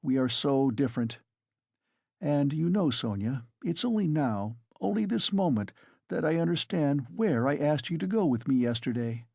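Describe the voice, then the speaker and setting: A man's voice: fairly high pitch, expressive, moderate pace, gravelly, a little mellow, slightly rough, no echo, studio quality, pitched above the performer's own voice, exaggerated voice. A man reading a tormented young man. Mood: despairing. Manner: anguished pleading. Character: young male student, tormented, desperate, bitter. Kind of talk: audiobook character reading.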